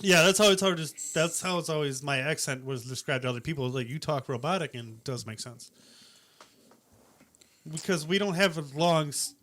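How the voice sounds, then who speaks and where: Blunt Upper Midwest man, bright voice. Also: fairly high pitch, moderate pace. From Wisconsin. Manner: blunt, storytelling, swears. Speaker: podcast co-host. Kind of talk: casual podcast chat.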